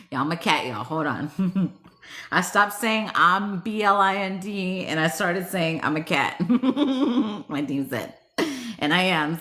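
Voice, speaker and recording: Slow-talking playful woman who laughs a lot. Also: medium pitch, fairly bright tone. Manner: laughs often, swears freely, playful. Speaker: vlogger reading cards and chatting with viewers. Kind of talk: casual chat.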